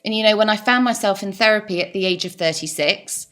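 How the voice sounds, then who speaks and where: A woman's voice: mid-range voice, quick pace, a bit bright. Candid woman coach in her forties. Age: 40s. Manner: candid, confessional, many fillers and restarts. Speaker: life coach. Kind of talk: reflective personal talk.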